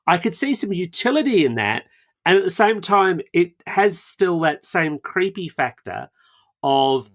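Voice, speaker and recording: A man with an Australian accent co-hosting a tech podcast, steering topics and dropping quick jokes. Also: high voice, sing-song. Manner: joking, quick quips. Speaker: podcast co-host. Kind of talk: casual podcast chat.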